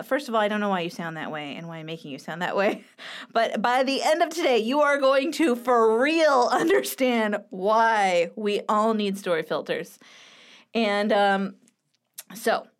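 A woman in her thirties hosting a casual writing show, chatty and playful, with quick asides, recorded at home. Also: mid-range voice, clean tone. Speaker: writing coach and podcast host. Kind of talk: casual chat with book critique. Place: home room with a clicking heater.

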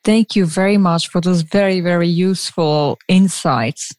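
A woman's voice: lowish voice, moderate pace, darkish tone, no echo. A woman hosting a podcast interview, asking polite, brief questions. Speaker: podcast host.

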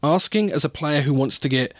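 A man's voice: on the high side, brisk, no room sound, studio quality. Man bantering on a podcast. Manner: banter, swears casually. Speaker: podcast co-host. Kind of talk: casual podcast chat.

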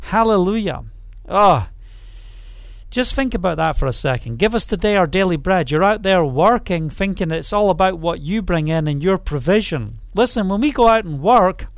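A man preaching a sermon with fervor, calling out hallelujah and amen, rising to loud proclamation and dropping to quiet, low passages. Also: dry recording. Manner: fervent, repeats phrases, calls out hallelujah and amen.

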